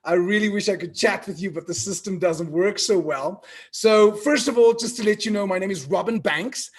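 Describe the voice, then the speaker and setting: Husky, high-voiced man in his fifties from South Africa. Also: moderate pace. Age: 50s. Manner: playful, animated, storytelling, asks the audience to join in. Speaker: event host. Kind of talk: energetic live event hosting.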